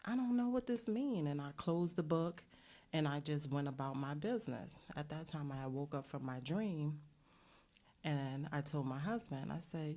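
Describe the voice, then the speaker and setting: A middle-aged woman from the United States, a bakery owner, appears as an interview guest and tells an earnest story with many fillers. She speaks in a low voice with a darkish tone.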